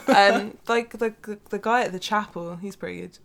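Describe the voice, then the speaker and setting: A woman's voice: mid-range voice, fairly even intonation, moderate pace, creaky, fairly bright tone. A woman co-hosting a casual film chat, wry and chatty, often acting out lines from scenes. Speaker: podcast co-host.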